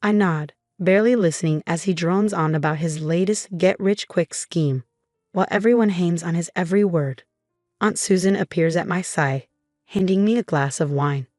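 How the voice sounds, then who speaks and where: A young woman narrating a first-person story in an even, measured way. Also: lowish voice, dry recording, studio quality. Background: faint music.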